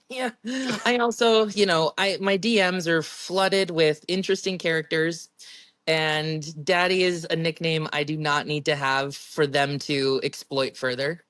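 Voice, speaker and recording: A woman's voice: deep voice, measured pace, no room sound, studio quality. A young adult woman telling stories from her competitions in a casual interview, chatty and laughing often. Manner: chatty, giggly, animated storytelling. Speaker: professional strongwoman guest.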